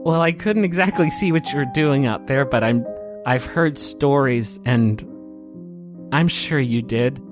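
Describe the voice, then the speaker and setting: A man voicing a warm woman craftsman who gently teases her husband, soft and a little tearful, over soft piano and guitar music. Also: mid-range voice, measured pace, pitched above the performer's own voice, lightly acted. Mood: tender, teasing. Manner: gentle, teasing, a bit tearful.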